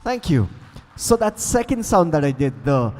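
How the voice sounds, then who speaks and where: A man's voice: fairly high pitch, very animated, a little slow, very noisy. A man teaching beatbox sounds on stage, playfully coaxing the audience to join in. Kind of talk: live stage workshop. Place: large conference hall. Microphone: handheld stage mic. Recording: long hall reverb.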